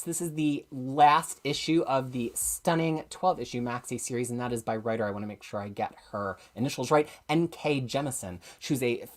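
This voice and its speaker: A woman hosting a live comics review stream, chatty and enthusiastic, often correcting herself as she goes. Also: rumbling low.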